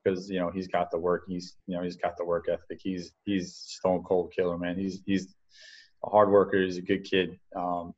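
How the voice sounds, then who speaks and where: Low-voiced man telling baseball stories. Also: darkish tone, highs cut off. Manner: rambling, many fillers and restarts. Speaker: baseball coach, podcast guest. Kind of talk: casual interview storytelling.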